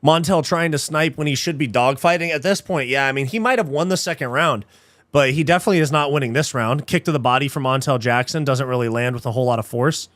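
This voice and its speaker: Excitable young man with a dry, close sound. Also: mid-range voice, quick pace, no echo. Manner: excitable, frustrated, swears casually, says dude and bro. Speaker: live fight watch-along host. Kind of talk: casual live commentary.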